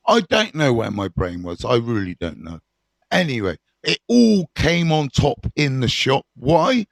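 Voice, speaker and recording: A middle-aged man, telling his story to camera in a candid, animated way, swearing freely and full of fillers. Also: mid-range voice, unhurried, creaky, no room sound.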